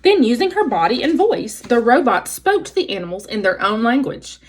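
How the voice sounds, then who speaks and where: An expressive woman teacher reading a children's novel aloud, with a lively pitch that swoops up and down. Her voice sits fairly high and is breathy and husky. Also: normal speed. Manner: expressive, explanatory asides.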